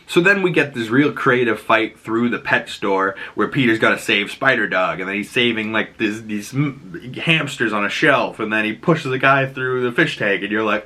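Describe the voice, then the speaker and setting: Bright-voiced man rambling through a breakdown. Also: medium pitch, expressive, moderate pace. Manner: rambling, many fillers, acts out quotes. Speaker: host. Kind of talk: casual episode breakdown commentary.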